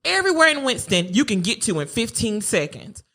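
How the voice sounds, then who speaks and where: A woman's voice: fairly high pitch, a little fast. A woman, co-hosting a podcast and ranting through comic stories. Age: 30s. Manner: animated, ranting storytelling. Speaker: podcast co-host. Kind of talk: casual comedic chat.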